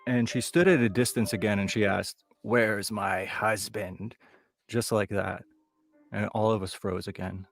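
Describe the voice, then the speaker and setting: Brief: comedian, male, from Toronto, lowish voice, conversational ghost-story telling. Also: fairly even intonation, moderate pace, creaky, faint music behind. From Toronto area, Canada. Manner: conversational, loose, building suspense. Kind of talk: live comic storytelling.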